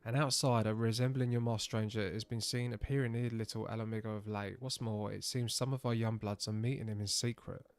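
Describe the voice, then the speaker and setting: A man voicing a stern, weary male rebel elder in a measured, solemn reading. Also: fairly low pitch, fairly even intonation, clear, resonant tone, no room sound, natural voice. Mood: grave.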